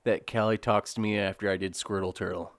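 A man's voice: on the low side, fairly quick, no echo. Laughing storyteller man, dry close mic. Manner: animated storyteller, laughs often. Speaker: co-host, storyteller. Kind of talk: casual chat.

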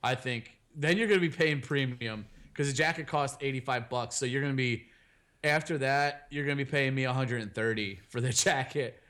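A man's voice: medium pitch, normal speed, a bit bright. A young man co-hosting a podcast, talking in loose, joking banter. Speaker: podcast co-host. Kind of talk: casual chat.

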